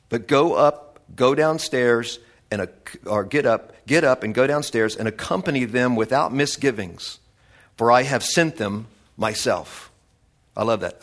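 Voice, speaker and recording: A male Bible teacher in a relaxed study session, reading scripture aloud and breaking off for eager, conversational asides. His pitch sits in an ordinary middle range. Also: moderate pace. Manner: chatty and enthusiastic, with asides.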